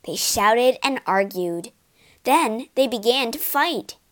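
Slow, expressive woman reading a story. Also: on the high side. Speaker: storybook narrator. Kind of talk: scripted narration for English learners.

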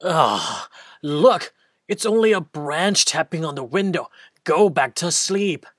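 A woman's voice: sits low, animated, slow, dry recording, studio quality, exaggerated voice. Woman playing a grumpy sleepy big mouse. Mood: impatient. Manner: gruff, sighing and curt. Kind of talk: children's radio drama.

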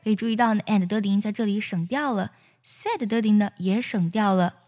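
A woman, a native Chinese speaker, teaching the pronunciation of English song lyrics: she explains linked and dropped sounds, then sings each line slowly. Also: mid-range voice, darkish tone, long reverb tail.

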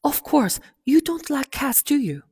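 A woman's voice: sits high, sing-song, unhurried, darkish tone, pitched above the performer's own voice, heavily acted. A woman voicing a curious, polite young girl in a storybook reading, talking earnestly. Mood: apologetic. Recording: long hall reverb.

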